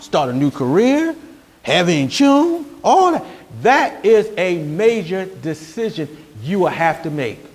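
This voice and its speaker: A man preaching a sermon as pastor, telling stories with growing energy and sometimes shouting. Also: sits high. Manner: animated storytelling, rising to shouts.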